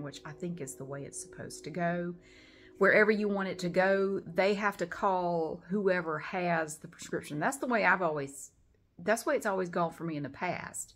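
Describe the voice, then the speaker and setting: A middle-aged woman, talking casually to the camera at home and telling an exasperated, animated story. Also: on the low side, moderate pace. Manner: exasperated, animated retelling with acted-out quotes. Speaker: vlogger.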